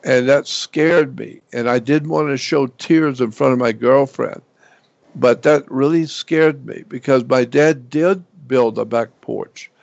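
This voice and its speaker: An older man telling a personal story as an interview guest, slow and halting with frequent fillers. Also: mid-range voice, vocal fry, darkish tone, no echo. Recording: dull lo-fi dry recording.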